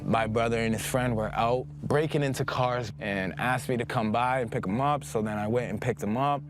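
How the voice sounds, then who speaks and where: A man's voice: mid-range voice, normal speed, background noise. A young man recounting a personal story in a direct, plain way during an interview. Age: young adult. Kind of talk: personal testimony. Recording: music bed under interview.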